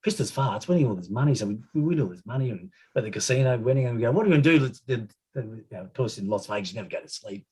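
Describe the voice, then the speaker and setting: Fast, husky-voiced Australian man telling footy yarns. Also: lowish voice, lively intonation, a little mellow. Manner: rambling, chuckling anecdotes with many restarts. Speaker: podcast guest, former footballer. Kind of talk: casual storytelling.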